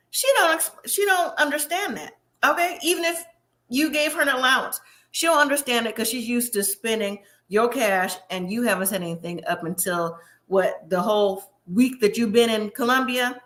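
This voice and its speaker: Bright-voiced woman giving a chatty recap. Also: fairly high pitch. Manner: chatty, opinionated, talks straight to the viewer; slips into quick impressions of the people she describes. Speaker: reality TV recap host. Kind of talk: casual episode recap commentary.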